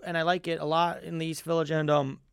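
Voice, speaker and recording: A man chatting as a guest, telling his own stories at a quick, animated, self-promoting pace. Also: on the high side, gravelly, background noise. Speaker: foodie magician guest. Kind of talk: casual chat.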